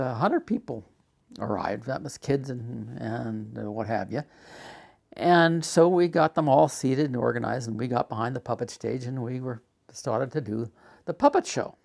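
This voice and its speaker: This artist's spoken recollection of his life comes in a gravelly voice of medium pitch. He's an older man wandering through an old memory, leaning on fillers and performing the dialogue he quotes.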